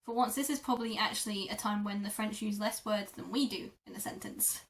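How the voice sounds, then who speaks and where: A young woman teaching French words in a lesson, repeating each word slowly and carefully. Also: mid-range voice, fairly even intonation, distant mic. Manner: slow, careful repetition of words. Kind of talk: vocabulary lesson.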